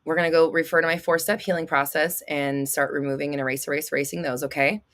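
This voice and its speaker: A woman in her late thirties runs a casual livestream, reading viewer messages and reacting with blunt, cursing candor. Her voice sits a little low yet has a bright, forceful edge. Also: fairly even intonation, fast talker. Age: 30s. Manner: blunt, swearing, laughing, dramatic outbursts. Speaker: host. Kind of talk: livestream chat answering viewers.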